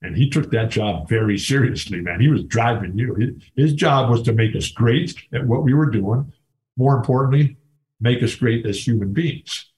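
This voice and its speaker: A man's voice: mid-range voice, normal speed, darkish tone, rough recording. An older man, a former college basketball player, talking as a guest in a casual interview, telling enthusiastic stories with many restarts.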